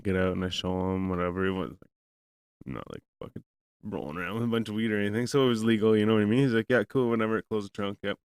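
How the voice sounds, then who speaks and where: A man's voice: on the low side, quick pace, darkish tone, clear, resonant tone, dry recording, clean studio sound. A man hosting a podcast, telling a rambling, profane story in casual chat and acting out both sides of a conversation. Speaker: podcast host.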